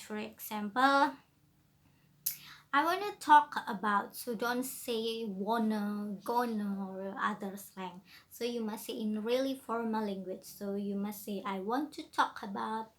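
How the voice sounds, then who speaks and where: A woman with an Indonesian accent giving an explanatory lesson as a presenter, slow and deliberate with frequent fillers. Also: a little high.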